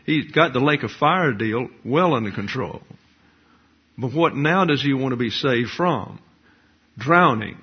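An older pastor preaches a teaching sermon with lively intonation, staying measured and explanatory while posing many rhetorical questions. His voice is husky and average in pitch, captured in a dull, lo-fi recording.

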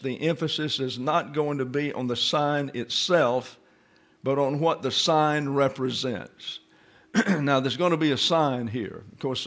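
Methodical male pastor teaching scripture. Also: mid-range voice. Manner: methodical, lecturing, stresses key words, clears throat often. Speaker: pastor teaching Bible study. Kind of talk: expository sermon.

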